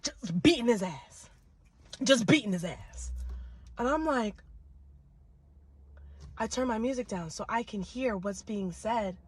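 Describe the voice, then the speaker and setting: A woman's voice: fairly high pitch, animated, slow, pauses often, husky. A woman casually telling a story to camera in an emphatic, slangy way, repeating her punchlines for effect.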